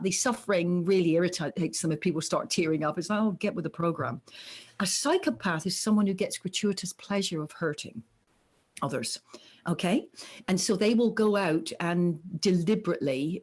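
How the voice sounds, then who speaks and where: A middle-aged woman, a psychologist, explaining ideas in a conversational podcast interview and acting out the voices she quotes. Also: lowish voice. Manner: animated, acts out quoted voices. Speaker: psychologist guest.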